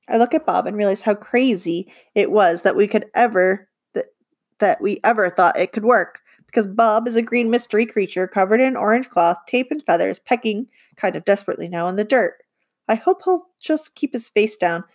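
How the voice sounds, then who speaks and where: Woman reading a lively audiobook. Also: medium pitch, normal speed. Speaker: audiobook reader. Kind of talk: first-person audiobook narration.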